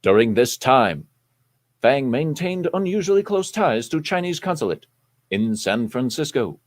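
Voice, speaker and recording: A man's voice: medium pitch, sing-song, a little slow. A man reading a news article aloud on a casual live stream, in an exaggerated news-anchor voice.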